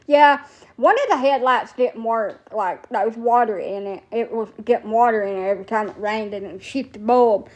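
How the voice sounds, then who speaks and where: A TikTok storyteller from Alabama talks at a normal speed in a fairly high voice. Her casual rant is blunt, rambling, and laced with profanity.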